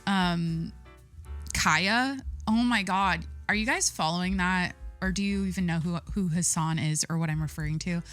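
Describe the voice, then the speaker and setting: A woman hosting her own podcast in a casual solo chat, talking forcefully from the chest and rambling with lots of fillers. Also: fairly low pitch, moderate pace, no echo, faint music behind. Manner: forceful, talks with full chest; chatty, rambling with many fillers. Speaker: podcast host.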